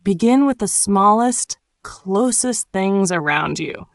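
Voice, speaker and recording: A woman giving a scripted, encouraging English lesson in a calm, clearly enunciated way. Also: mid-range voice, slow pace, no room sound, clean studio sound. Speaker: English teacher. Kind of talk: scripted motivational narration.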